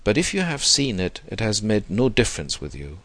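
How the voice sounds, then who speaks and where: A man voicing a proud, bitter young gentleman who speaks in a stiff, wounded, formal way. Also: on the low side, sing-song, brisk, dry recording.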